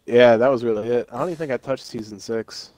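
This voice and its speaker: A man's voice: medium pitch, fast, darkish tone. A young man chatting casually as a co-player while gaming, laid-back with dry remarks. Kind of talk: casual gameplay chat.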